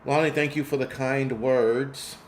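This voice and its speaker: A man's voice: medium pitch, steady tone, unhurried, a little hiss or hum. A man hosting a casual livestream, rambling through profane stories and answering chat comments. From United States. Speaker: host.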